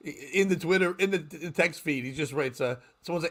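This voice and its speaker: A podcast host, this man sounds a little high and a bit bright, speaking briskly with few pauses. He runs a casual morning live stream, joking loosely and laughing often.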